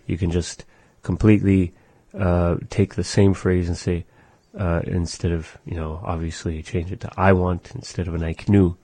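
Deep, mellow-voiced man teaching phrases. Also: slightly rough, dry recording. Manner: relaxed, explains phrases slowly and repeats them. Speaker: language show co-host. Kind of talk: casual language-lesson chat.

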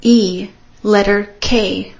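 A woman's voice: medium pitch, fairly even intonation, drawn-out words, creaky. A woman helping lead a pronunciation lesson, calling out letters and plainly repeating each sound. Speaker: co-teacher. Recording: dull recording.

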